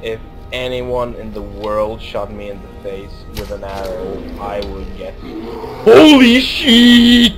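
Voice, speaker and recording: A man giving casual gameplay commentary, swearing often and swinging between loud outbursts and muttered asides. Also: fairly low pitch, flat delivery, a little slow, hardly any pauses, over music. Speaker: gaming video host.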